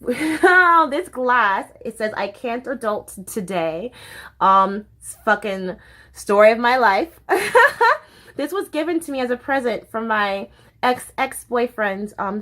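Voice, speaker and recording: A woman's voice: on the high side, bright, forceful tone. A young woman chatting casually to camera as a vlogger, bubbly and chatty, swearing freely.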